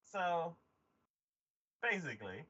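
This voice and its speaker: Animated man with a husky voice. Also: on the high side, slow. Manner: animated, acts out scenes with exaggerated voices; many fillers like "like". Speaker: podcast co-host. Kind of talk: casual anime discussion. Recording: dull lo-fi podcast audio.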